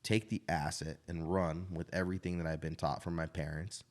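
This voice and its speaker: A man's voice: low-pitched, level tone, brisk. A man in his thirties, a restaurant owner, telling his life story in casual, frank conversation and often adding "right?". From Idaho.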